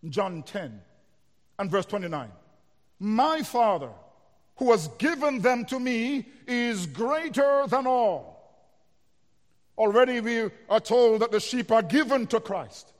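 A man's voice: high-pitched, animated, a little slow. A man preaching a sermon, explaining scripture verse by verse and building to emphatic declarations. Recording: long reverb of a large hall.

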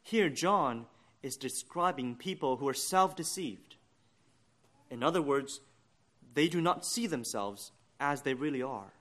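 A man delivering a sermon in a steady, mid-range voice. He speaks earnestly and deliberately, lifting his voice at key points and dropping it low at others. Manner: earnest, deliberate preaching with rising emphasis. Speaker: preacher.

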